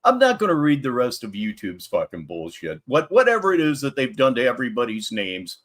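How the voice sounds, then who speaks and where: A man's voice: medium pitch, wildly swooping pitch, brisk, a bit bright. A man hosting a livestream, commenting on a clip in a profane, contemptuous and sarcastic way. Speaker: host commentator.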